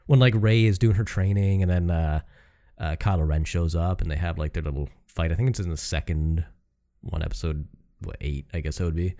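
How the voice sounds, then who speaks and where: A man's voice: low voice, brisk, dark tone. A Canadian man co-hosting a podcast, chatting casually and rambling with frequent restarts and swearing. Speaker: podcast co-host. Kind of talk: casual chat.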